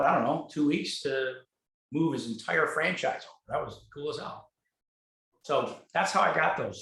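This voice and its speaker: A man's voice: mid-range voice, reverberant, poor audio. A man from Michigan telling blunt, profanity-laced business stories in casual talk, acting out both sides of conversations. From Michigan, USA. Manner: blunt and swearing, acts out dialogue in animated voices. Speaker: guest speaker, real estate team leader. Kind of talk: casual conversational storytelling on a video call.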